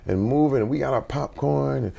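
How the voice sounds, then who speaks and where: A man in his forties, a guest in an interview, telling personal stories in an animated way and acting out quotes with big jumps in his voice. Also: mid-range voice, fairly quick, creaky. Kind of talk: conversational storytelling.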